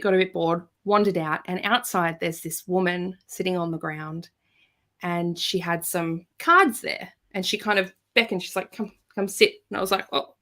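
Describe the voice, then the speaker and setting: On a podcast, a female guest with a mid-range voice shares a personal story casually and with lots of energy, voicing the people she quotes.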